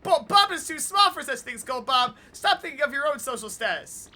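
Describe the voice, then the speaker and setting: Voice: sing-song, normal speed, heavily acted. A streamer voicing a pair of snooty, bickering Bob-omb parents from a game in a raised, haughty voice. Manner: haughty, high and loud.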